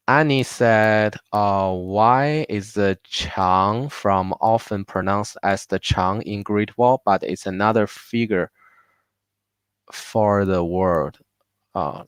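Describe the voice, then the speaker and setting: A man with a Chinese accent, Mandarin his first language, teaching pronunciation and saying each word several times. His voice sits low and moves slowly. It is smooth and clear, recorded close and dry with no room sound. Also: no echo. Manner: patient, repeats words slowly for learners. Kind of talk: live online language class. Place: home.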